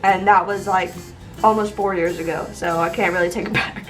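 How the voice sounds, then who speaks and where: A young woman telling funny stories from her life in a chatty, animated way with lots of fillers. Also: on the low side, brisk, far from the mic, faint music behind, poor audio. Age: young adult. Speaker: vlogger. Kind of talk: casual storytime.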